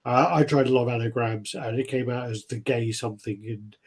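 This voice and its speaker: Male co-host, casual and sweary, middle-pitched, loose delivery full of fillers. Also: steady tone, a little fast, darkish tone, breathy edge. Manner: swears freely, trails off with fillers. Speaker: co-host of a collectibles chat show. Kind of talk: casual chat.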